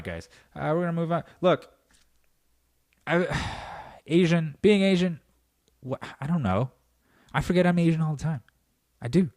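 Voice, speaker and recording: Profane, animated man hosting a podcast. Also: mid-range voice, no echo, studio quality. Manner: animated, profane riffing with mock voices. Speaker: podcast host. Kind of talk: comedic monologue. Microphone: podcast mic.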